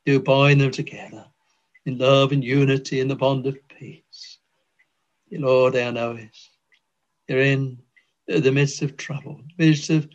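A man leading a congregation in a long extemporaneous prayer, fervent and old-fashioned in his phrasing. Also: mid-range voice. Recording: dull lo-fi old recording.

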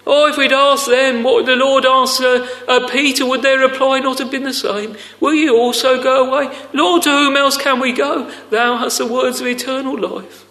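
A man preaching a sermon, earnest and deliberate, addressing his listeners as friends. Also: very high-pitched, sharp tone. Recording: echoey hall with long reverb.

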